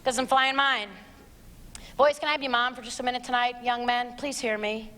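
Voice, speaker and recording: A middle-aged woman giving a blunt, sarcastic live talk to teens and parents, her voice jumping high when she exclaims. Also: fairly even intonation, fairly quick, pushed and bright. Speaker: speaker. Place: church auditorium. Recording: long reverb of a large hall.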